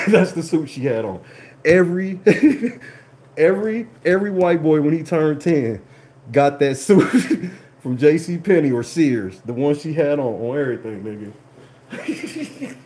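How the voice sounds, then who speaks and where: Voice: mid-range voice, lively intonation, measured pace, mellow. A livestream host telling a story in a profane, laughing, indignant way. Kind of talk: animated casual storytelling.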